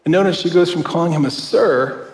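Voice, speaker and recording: A man's voice: on the high side, fairly quick. Man preaching in an echoey hall. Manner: conversational preaching with frequent "right?" asides and light laughs. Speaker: pastor. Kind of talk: sermon. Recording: echoey hall, long reverb.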